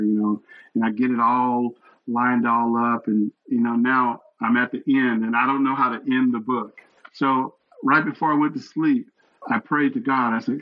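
A man's voice: mid-range voice, normal speed, highs cut off. A man in his sixties, a retired fire captain, telling stories earnestly as an interview guest. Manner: earnest, animated storyteller. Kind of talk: storytelling interview.

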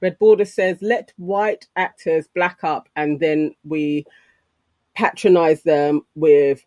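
A woman's voice: deep voice, steady tone, takes it slowly, a little mellow, no room sound. A woman co-hosting a casual chat show, reading viewer comments aloud in a chatty way. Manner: chatty, laughs easily while reading. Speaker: podcast co-host.

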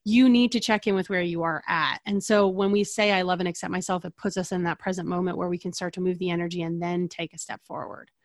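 A woman's voice: on the low side, fairly even intonation, brisk, hardly any pauses, dry recording, clean studio sound. A woman in her thirties, an energy healer, chatting casually as a guest and acting out little dialogues. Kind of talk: casual conversational interview.

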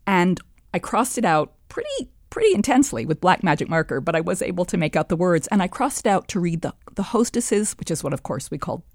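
A woman in her sixties, an author and historian, telling her story in a measured, reflective way during an interview. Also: lowish voice, very animated, no room sound, studio quality. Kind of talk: interview conversation, reading from her childhood diary.

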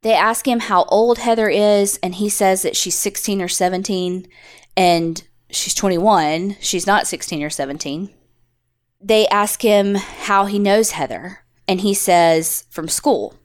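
A woman co-hosting a podcast, telling a story in loose conversational chat. She curses freely and slips into the voices of the people she quotes. Her pitch sits in an ordinary middle range. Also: measured pace. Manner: casual, swears freely, acts out quotes. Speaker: podcast co-host. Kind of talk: casual storytelling.

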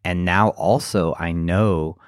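Deep-voiced man, reflective podcast co-host. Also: steady tone, no echo, studio quality. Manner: reflective, halting with many fillers. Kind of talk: casual podcast chat.

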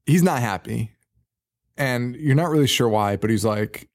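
Male horror podcast host, animated pitch, profane, rambling and giggly. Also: normal speed. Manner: profane, laughing, rambling recaps. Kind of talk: casual movie-recap chat.

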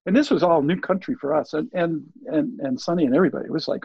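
A man in his sixties, an interview guest, telling a rambling, animated story and acting out the lines of the people in it. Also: a little high, quick pace, creaky, husky, no room sound. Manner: rambling, animated, acts out quoted dialogue. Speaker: interview guest, surf filmmaker. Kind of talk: casual storytelling. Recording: dull lo-fi audio.

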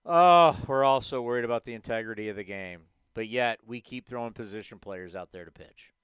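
A man's voice: fairly low pitch, a little fast, clean tone, dry recording. A man hosting a sports talk show, ranting emphatically with rhetorical questions.

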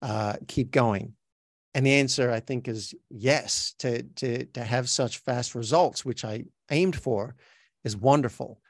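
A man's voice: medium pitch, a little slow, dry recording, studio quality. A man with an Australian accent, talking as an interview guest in a chatty, self-reflective way, often restarting his sentences. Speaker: guest, actor. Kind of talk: podcast interview.

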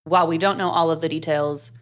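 A woman from the American South with a light Southern accent, co-hosting a podcast and recapping a book in casual, animated chat full of "like.". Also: deep voice, fast talker. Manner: chatty, animated, many "like" fillers. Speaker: podcast co-host.

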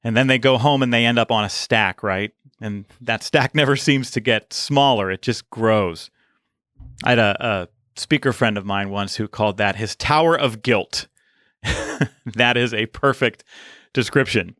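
A man's voice: lowish voice, moderate pace, fairly bright tone, dry recording, studio quality. A man hosting a podcast, opening with an upbeat scripted intro and then interviewing his guest. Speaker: podcast host.

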